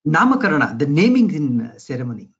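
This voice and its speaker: A man's voice: on the high side, sing-song, fast, muffled recording. A man giving a lecture in a conversational way, often checking in with his listeners. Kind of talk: spoken lecture.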